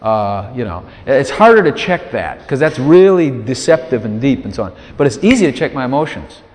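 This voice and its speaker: A man's voice: mid-range voice, sing-song, normal speed, darkish tone. A man preaching an informal sermon in a conversational, folksy way, often dropping asides to his listeners. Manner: conversational, folksy, many "you know" asides; acts out quoted prayers in a raised voice. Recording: long hall reverb.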